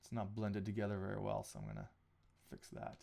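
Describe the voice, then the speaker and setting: A man's voice: lowish voice, very animated, a little fast, creaky, warm tone. A man talking casually on a live stream while he edits photos, thinking aloud with frequent restarts and small asides. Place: home photo studio.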